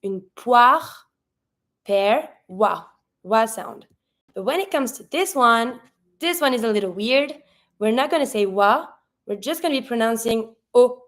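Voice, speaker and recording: A woman with a French Canadian accent teaching French pronunciation, spelling out sounds and slowing down for each model word. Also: fairly high pitch, expressive, fairly bright tone. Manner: patient, spells out sounds, slows down for model words. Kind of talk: pronunciation lesson.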